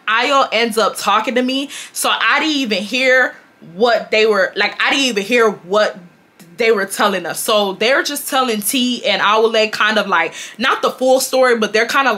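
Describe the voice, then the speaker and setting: A young woman from the United States telling a casual storytime to her viewers, animated, slangy and profane. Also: fairly high pitch, moderate pace. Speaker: storytime vlogger.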